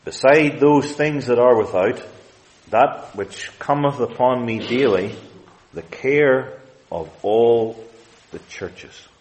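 A man preaching a sermon, expounding scripture with deliberate emphasis and quoting King James wording. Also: medium pitch, a little mellow, poor audio.

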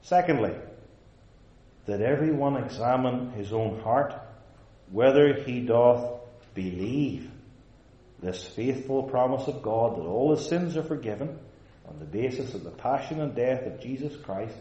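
A man delivers a sermon from the pulpit, pressing his points through emphatic repetition. His voice sits at a middle pitch and carries through a roomy church. The recording is dull and slightly lo-fi. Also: expressive, measured pace, dark tone. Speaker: pastor. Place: church sanctuary.

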